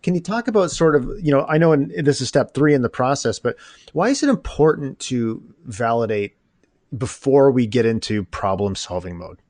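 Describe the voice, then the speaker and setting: A man hosting his own podcast, chatting informally with jokes and lively asides. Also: medium pitch, moderate pace, no echo. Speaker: podcast host. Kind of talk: casual interview chat.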